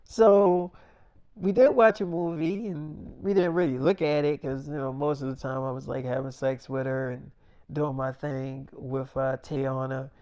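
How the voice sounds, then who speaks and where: Man, casual storyteller, rambling and slangy, lots of fillers, mid-pitched. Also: flat delivery, a little slow, dark tone, clean tone.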